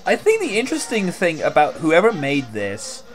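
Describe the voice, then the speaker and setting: A man's voice: on the high side, huge pitch swings, normal speed, soft background music. A man giving casual, sarcastic commentary over a video, rambling with lots of filler words. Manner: sarcastic and rambling, many "like" and "you know".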